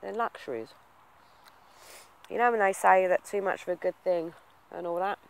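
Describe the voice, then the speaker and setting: Speaking straight to the camera, this vlogger waffles on earnestly and reflectively, packing his talk with fillers and owning up to his rambling. His voice is high and smooth with vocal fry, at a moderate pace, though the recording itself is rough.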